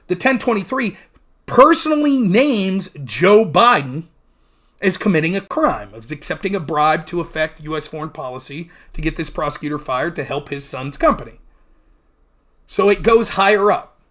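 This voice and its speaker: A man's voice: a little high, lively intonation, moderate pace, fairly bright tone. A man hosting a political talk show, recapping a debate in a heated, argumentative way with emphatic, sometimes profane remarks. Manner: argumentative, mimics opponents mid-sentence.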